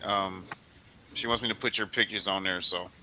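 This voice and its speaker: A man's voice: fairly low pitch, moderate pace, heavy background noise. A man hosting a sports podcast interview in a casual, teasing style. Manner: joking, teasing, animated retelling. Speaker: podcast host.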